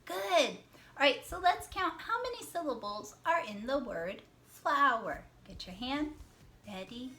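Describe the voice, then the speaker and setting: Bright, lively-voiced woman teacher. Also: high-pitched. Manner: slow, drawn-out words for counting syllables, praising answers. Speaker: classroom teacher. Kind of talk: online reading lesson for young children.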